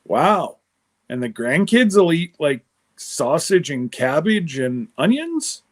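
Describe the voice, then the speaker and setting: Slow, rambling male livestream host. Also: on the high side, very animated. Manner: rambling, answers live chat comments aloud. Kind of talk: casual rambling chat with viewers.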